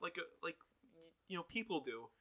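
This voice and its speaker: A man's voice: a little high, big pitch swings, a little fast, pushed and bright. A man casually recapping a TV episode as a podcast co-host, with dry, laid-back asides. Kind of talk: casual chat.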